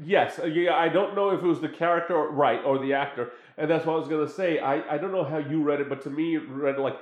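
A man's voice: a little high, fast, muffled recording. A man chatting casually about a TV show he watched, rambling with many fillers and restarts. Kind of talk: casual chat reacting to a TV show. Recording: roomy echo.

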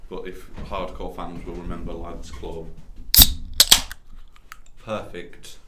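A man's voice: low voice, monotone, normal speed, recorded from a distance. A young man co-hosting a podcast in casual chat, laid-back, laughing along and dropping dry asides. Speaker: podcast co-host. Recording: echoey room with faint hiss.

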